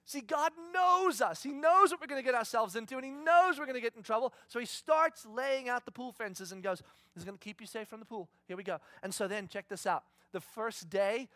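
A man preaching a conversational, animated sermon, often acting out voices. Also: very high-pitched, fairly quick, few pauses, dry recording. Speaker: pastor.

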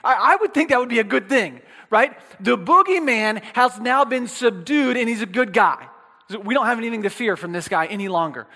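A man's voice: extremely high pitch, lively intonation, fairly quick, pushed and bright. A man preaching a casual, chatty sermon, often checking in with the listeners and restarting his words, with playful asides. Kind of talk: conversational sermon. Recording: long reverb of a hall.

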